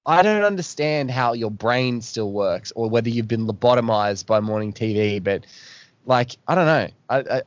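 A man's voice: medium pitch, expressive, normal speed, no echo. Australian male podcast host, frustrated and sweary, recorded dry and a bit dull. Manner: exasperated ranting with swearing. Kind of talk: casual podcast chat.

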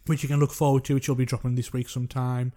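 Mellow-voiced relaxed podcast host. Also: medium pitch, very fast. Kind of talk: casual film podcast chat.

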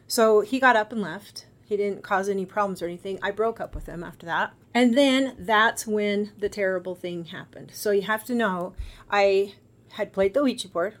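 Woman, middle-aged, chatty storyteller, lively, acts out the quotes. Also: mid-range voice, normal speed. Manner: animated, acts out quoted voices. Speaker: guest. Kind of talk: casual storytelling.

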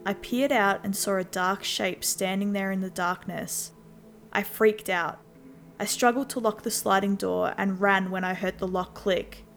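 A woman telling a scripted first-person horror story in a steady, mid-pitched voice. Faint music plays beneath her narration. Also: measured pace, creaky.

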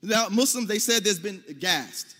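An American man with a high voice makes his case in a debate speech at a measured pace, emphatic and forceful, at times nearly shouting. A long reverb from a large hall hangs on his voice.

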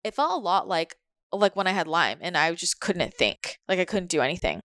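A woman's voice: fairly low pitch, very animated, brisk, fairly bright tone, no room sound, studio quality. A woman talking candidly in a casual podcast chat, swearing now and then and acting out her own inner voices. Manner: candid, swears, acts out quotes.

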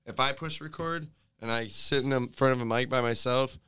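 A man's voice: medium pitch, brisk, fairly bright tone, clear, resonant tone. Laughing, rambling man chatting. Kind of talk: casual chat.

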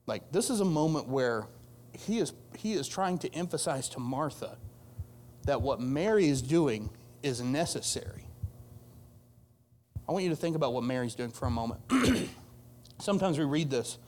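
A pastor delivering a casual, conversational sermon to a youth group, getting animated as he retells a scripture story. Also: normal speed. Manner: animated storytelling, voices Martha's complaint with rising pitch; casual, conversational preaching with fillers.

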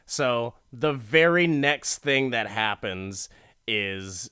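A man hosting a podcast, casually retelling a TV episode with lots of swearing, laughing and quick put-on character voices. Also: lowish voice, pushed and bright, clear, resonant tone, no echo, clean studio sound. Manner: profane, laughing, acts out characters' lines. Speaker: podcast host recapping a TV episode. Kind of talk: casual storytelling recap.

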